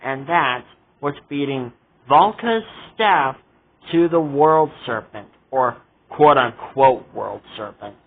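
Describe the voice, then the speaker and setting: Animated but taking it slowly, a man with a mid-range voice rants casually on his vlog about a show that leaves him exasperated and indignant. He keeps returning to repeated asides, and the sound is tinny, as if from a phone.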